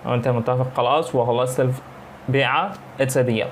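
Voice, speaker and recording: Male English teacher, mid pitch, slow example readings, brisk asides, faint noise. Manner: switches between slow English example lines and fast Arabic explanations. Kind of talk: bilingual English lesson.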